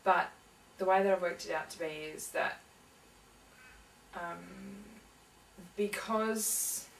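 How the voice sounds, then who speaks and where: Being interviewed, this young woman speaks slowly in a fairly low, creaky voice, telling her story casually and hesitantly with lots of fillers and restarts. The mic sits at a distance in an echoey room, and there's slight hiss or hum.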